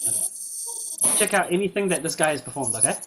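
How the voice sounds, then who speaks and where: A man's voice: fairly high pitch, animated, a little fast, noisy background. A man giving a student feedback in a recorded piano lesson, encouraging, often checking in with "right?" and "yeah?". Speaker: piano teacher.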